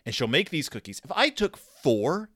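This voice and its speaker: Animated, wry man doing comedic commentary. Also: fairly high pitch, normal speed, no echo, studio quality. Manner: wry, jokey, animated storytelling. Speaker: host reviewing a scratch-and-sniff storybook.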